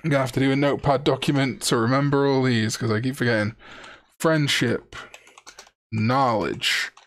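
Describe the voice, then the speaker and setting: A man's voice: medium pitch, steady tone, normal speed, a bit bright. A young man from Wales, casually chatting on a live stream, reading out chat and joking around. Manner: chatty, jokey, reads chat aloud.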